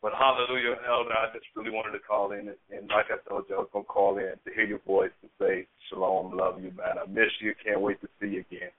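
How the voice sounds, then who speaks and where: A man from Michigan calling a religious radio show, emotional and excited, repeating his praise. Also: fairly low pitch, quick pace, hardly any pauses. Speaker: caller. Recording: tinny phone line.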